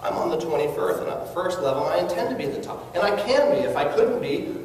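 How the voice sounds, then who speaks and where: A man's voice: fairly high pitch, lively intonation, quick pace, darkish tone, slight background noise. A man giving a motivational network marketing talk, earnest and coaxing, asking his audience questions. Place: large hall with an audience. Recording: echoey hall recorded from far off.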